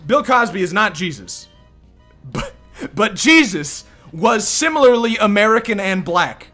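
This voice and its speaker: A man's voice: high-pitched, animated, unhurried, sharp tone, faint music behind. Incredulous rambling young gamer man. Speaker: let's play host. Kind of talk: casual game commentary.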